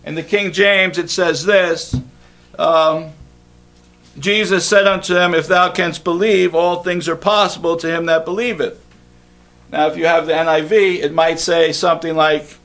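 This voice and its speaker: Male preacher, slightly high gravelly voice, chatty sermon delivery with questions. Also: fairly even intonation, normal speed, a bit bright. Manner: conversational, asks the congregation questions.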